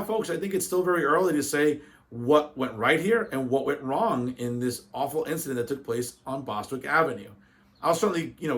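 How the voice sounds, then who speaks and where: A man's voice: medium pitch, fairly bright tone. A man hosting a political talk show, giving opinionated commentary in an emphatic, conversational way, often addressing the audience as folks. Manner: conversational with frequent fillers.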